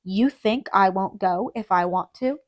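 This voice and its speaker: A woman's voice: mid-range voice, unhurried, close to an everyday voice. A woman voicing a sulky, mocking male drug courier with a British accent, in an audiobook reading.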